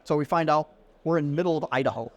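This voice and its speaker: He's a fast talker with a voice on the high side, a middle-aged podcast guest at a conference venue. His casual anecdote comes alive as he acts out the dialogue in lively storyteller fashion.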